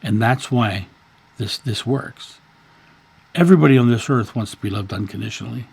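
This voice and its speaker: A man's voice: medium pitch, moderate pace, gravelly, a little mellow, slightly rough. A man in his fifties, a channel host, earnestly telling a story in a casual monologue and often repeating words. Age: 50s.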